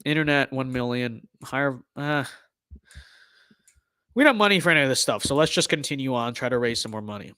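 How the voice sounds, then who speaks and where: A man's voice: mid-range voice, lively intonation, brisk, sharp tone, clean tone, no echo, studio quality. Ironic young man streaming a game. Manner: mock-political bluster, ironic, repeats catchphrases. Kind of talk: casual gameplay commentary.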